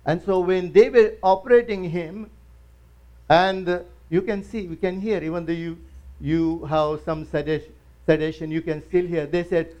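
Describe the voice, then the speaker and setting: A man's voice: fairly high pitch, fairly even intonation, normal speed, a little mellow, dull audio. A male pastor preaching in church, telling a story with acted quotes and emphatic rises. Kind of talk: sermon.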